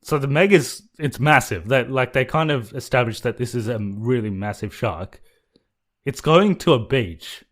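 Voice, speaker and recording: A man's voice: medium pitch, lively intonation, moderate pace. A man co-hosting a podcast, giving blunt, critical opinions in casual movie review chat. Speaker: podcast co-host.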